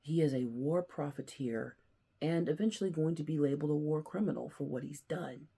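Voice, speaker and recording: A man hosting his own commentary show, telling a story earnestly and shifting between loud emphasis and hushed, near-whispered lines. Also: a little high, fairly quick, gravelly, breathy edge. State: emotional, near tears. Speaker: host. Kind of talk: casual commentary.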